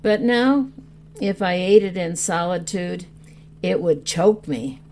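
A woman voicing a small, earnest shepherd boy in a storybook reading, hushed and tender. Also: fairly low pitch, slow, slight background noise. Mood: ashamed, earnest.

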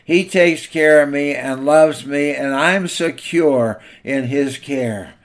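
A man voicing a loyal male German shepherd, speaking earnestly and slowly in a sermon story. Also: a little high. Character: loyal, wavering male guard dog.

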